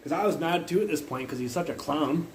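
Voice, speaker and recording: A man's voice: a little high, brisk, poor audio. Rambling, foul-mouthed guy on a phone stream. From Canada, Burnaby area. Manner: rambling, swears constantly, acts out loud yells in his anecdotes. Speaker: livestreamer. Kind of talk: casual profane storytelling.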